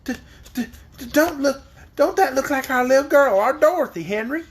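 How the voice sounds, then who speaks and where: A man voicing a flustered old farm woman with a hoarse, frightened voice and stammering questions. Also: extremely high pitch, expressive, slow pace, voice pushed up, full character voice.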